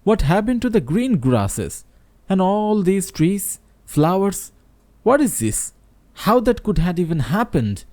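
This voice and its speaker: Bewildered bear guy, high pleading voice, keeps insisting, bangladeshi accent, man doing it, storybook. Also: very animated, takes it slowly, dark tone, dry recording, exaggerated voice. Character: bewildered stubborn male bear, insisting on himself.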